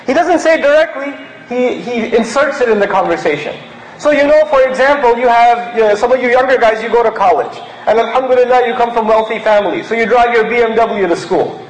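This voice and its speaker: A man's voice: extremely high pitch, roomy sound, a little hiss or hum, rough recording. A man originally from Pakistan giving a sermon in a conversational way, acting out little scenes to make his point. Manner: conversational, acts out mocking bits. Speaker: preacher.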